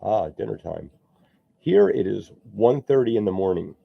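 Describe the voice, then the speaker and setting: A man with a very low, gravelly, husky voice rambles casually to his stream viewers as he works on a sculpture. The audio is thin and tinny, like a phone line. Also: expressive, moderate pace. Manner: rambling, chatty, answers viewer comments. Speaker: sculptor streaming while working. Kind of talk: casual live-stream chat while sculpting.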